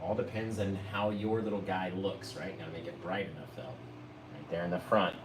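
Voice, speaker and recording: A man's voice: sits low, steady tone, moderate pace, echoey room, background noise. A man teaching a live painting lesson, talking viewers through each brushstroke in a chatty way and calling them "guys". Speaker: painting instructor.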